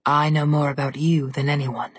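A woman voicing a cold, mocking evil queen who speaks from a mirror, low and whispery. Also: level tone, moderate pace, breathy edge, no echo. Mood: taunting.

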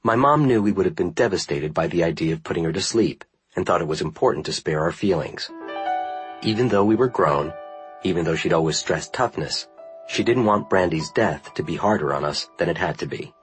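A man narrating a first-person memoir in a measured, earnest reading style. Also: low voice, expressive, soft background music, low-quality recording. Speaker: audiobook narrator.

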